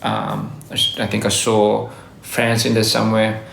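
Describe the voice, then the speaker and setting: A man chatting casually to fans on a livestream, giving rambling shout-outs with many restarts. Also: on the low side, completely flat delivery, normal speed, vocal fry, echoey room, a little hiss or hum. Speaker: livestreaming artist. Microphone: phone.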